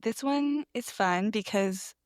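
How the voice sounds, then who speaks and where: A woman's voice: medium pitch, takes it slowly, dry recording, studio quality. A young woman from the Pacific Northwest with a light regional accent, co-hosting a podcast in casual chat and laughing often. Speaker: podcast co-host.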